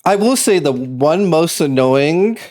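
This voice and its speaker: A man's voice: a little high, lively intonation, slow, darkish tone. Man, streamer, from Massachusetts, casual chat, rambling, laughs a lot. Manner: laid-back, rambling, swears and laughs easily.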